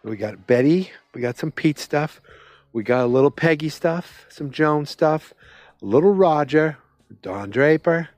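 A man's voice: on the high side, animated, a little slow, a little mellow, no echo. A man hosting a podcast, recapping a television episode in a rambling, conversational way, with many restarts. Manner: rambling, self-interrupting, conversational. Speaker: podcast host.

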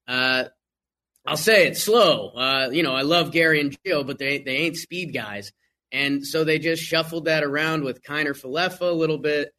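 A man talking baseball in a casual podcast chat, animated and full of quick restarts. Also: fairly high pitch, slight background noise. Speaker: podcast guest.

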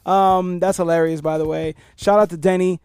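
A man's voice: sits high, little pitch movement, normal speed, darkish tone, smooth, no room sound, clean studio sound. A man hosting a podcast in a loose, laid-back, profane way. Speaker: podcast host. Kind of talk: casual chat.

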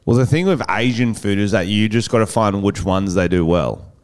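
A man's voice: lowish voice, normal speed. A man co-hosting a casual comedy podcast, joking and teasing with frequent laughter. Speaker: podcast co-host.

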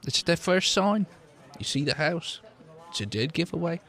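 A man's voice: a little high, lively intonation, moderate pace, fairly bright tone. A man voicing a gossipy, drunk village man who rambles and drops into conspiratorial whispers.

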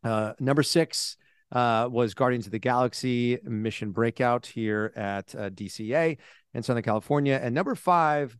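A man's voice: mid-range voice, normal speed, smooth, no room sound, clean studio sound. Upbeat man co-hosting a podcast. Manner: enthusiastic and upbeat. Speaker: podcast co-host. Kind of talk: casual chat.

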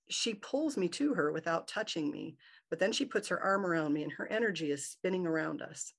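A woman from Michigan, a podcast guest, telling a personal story in a lively way and acting out her own thoughts. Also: fairly low pitch, a little fast, creaky. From Michigan, USA. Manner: animated, acts out her own inner thoughts in quotes.

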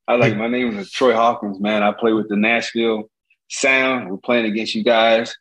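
Animated storytelling man in his fifties. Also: on the low side, normal speed, low-quality recording. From Gary, Indiana. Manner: animated, acts out quoted voices. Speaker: guest, former pro baseball pitcher. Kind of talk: casual storytelling.

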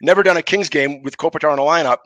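A middle-aged man, a former referee, telling lively anecdotes on a podcast and acting out the quotes. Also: fairly high pitch, very fast, no room sound, dull audio. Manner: animated anecdotes, acts out quotes. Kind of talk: casual storytelling on a podcast.

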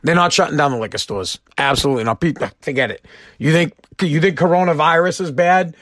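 A man's voice: fairly high pitch, fairly quick, fairly bright tone, dry recording. Blunt joking man ranting, dry close sound. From Massachusetts. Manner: blunt, joking, swears freely. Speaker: host of a live-streamed show. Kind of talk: casual rant.

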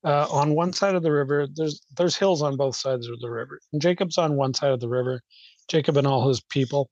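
A man's voice: on the high side, fairly quick, a little mellow, no room sound, highs cut off. A man explaining at length in loose, unscripted talk, hesitant and rambling, with many fillers and restarts. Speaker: guest.

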